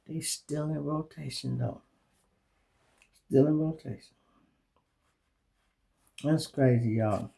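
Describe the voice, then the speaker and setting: A middle-aged Chicago man talks straight to his audience, his voice rough and gravelly at the bottom. He tells street stories in an animated, profane, easygoing monologue at an everyday pitch. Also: slow pace, long pauses. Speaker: show host. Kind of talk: casual storytelling monologue.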